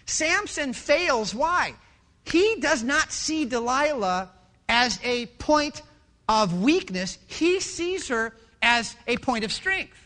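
A passionate middle-aged pastor preaching from the pulpit, his pitch leaping up and down in animated swings. His tone is bright and forceful, and he drops from near shouting to quiet, intimate lines. It is a man's voice, delivering a sermon. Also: slow pace. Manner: passionate, swings from loud to hushed.

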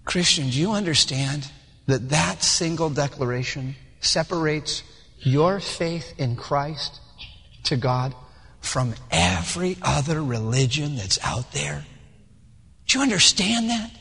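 A man preaching a sermon to his congregation, animated and acting out little scenes in different voices. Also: a little high, takes it slowly, gravelly, slightly rough, long reverb tail. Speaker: pastor. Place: church sanctuary.

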